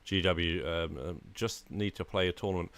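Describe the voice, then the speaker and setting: A man's voice: deep voice, normal speed, a bit bright, no room sound. A man live-streaming a game, chatting loosely with viewers, full of "uh" and "man" while he plays. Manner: chatty, frequent "uh" and "man", talking to chat while playing. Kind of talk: casual live-stream chat.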